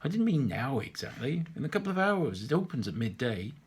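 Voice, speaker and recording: A man's voice: medium pitch, big pitch swings, brisk, breathy edge, pitched above the performer's own voice. A man reading a story aloud and voicing a lonely, chatty elderly widower who rambles on. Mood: grumbling. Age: older.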